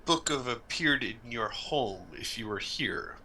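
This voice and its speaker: A man playing a tabletop game, questioning slowly and deliberately. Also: medium pitch, expressive, pushed and bright, husky, poor audio. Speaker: player. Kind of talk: casual tabletop play.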